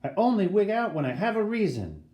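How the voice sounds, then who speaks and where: A man voicing a brash, excitable schoolboy who talks in indignant, dramatic bursts. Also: sits high, fairly quick, highs cut off, voice pushed up. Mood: grumbling. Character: brash, excitable eleven-year-old boy. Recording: roomy echo.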